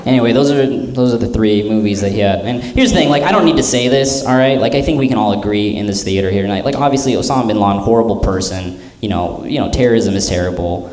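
A man's voice: mid-range voice, expressive, quick pace, hardly any pauses. A young man works a theater crowd with a loose, rambling stand-up set, mocking himself as he goes. His voice rings through a roomy hall. An audience laughs and claps around him. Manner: rambling, self-mocking, filler-heavy delivery. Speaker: stand-up comedian. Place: theater stage before a live audience.

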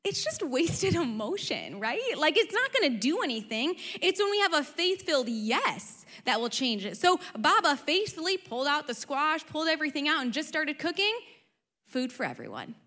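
A young adult woman pastor preaching a sermon, conversational and animated, with frequent rhetorical questions. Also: high-pitched, normal speed. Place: church auditorium. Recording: long reverb of a large hall.

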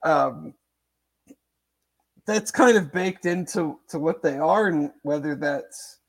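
A man's voice: on the high side, slow. A man co-hosting a sports talk show, thinking aloud with lots of hedges, fillers and restarts. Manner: hedging, rambling, many fillers and restarts. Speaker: sports podcast co-host. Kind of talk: casual sports chat.

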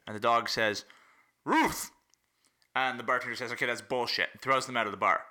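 Male co-host with a very bright tone, casual, tells groan-worthy jokes and then explains them. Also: mid-range voice, fairly even intonation, fast. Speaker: podcast co-host. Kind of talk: casual chat.

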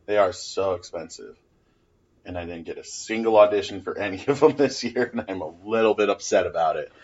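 A man's voice: low-pitched, brisk, darkish tone. A man co-hosting a casual comedy podcast, sarcastic and wry, laughing often. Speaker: podcast co-host. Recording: dull lo-fi podcast audio.

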